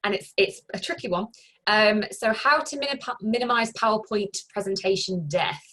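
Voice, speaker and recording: A woman moderating a webinar over a video call, thanking the speaker and reading out audience questions in a brisk, appreciative way. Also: medium pitch, fairly bright tone, rough recording.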